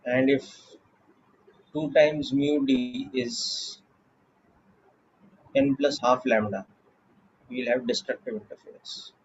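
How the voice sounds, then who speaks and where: A man with an Indian English accent teaching a physics class, explaining slowly and checking in with "okay" often. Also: medium pitch, steady tone, slightly rough, highs cut off. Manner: slow, deliberate explaining with frequent "okay" checks. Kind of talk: classroom lecture.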